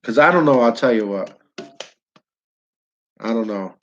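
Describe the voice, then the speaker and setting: A man's voice: mid-range voice, animated, a little slow, fairly bright tone, slight background noise. A man hosting a casual live-stream chat, rambling and joking as he puts questions to his listeners. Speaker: host. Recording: dull lo-fi stream audio.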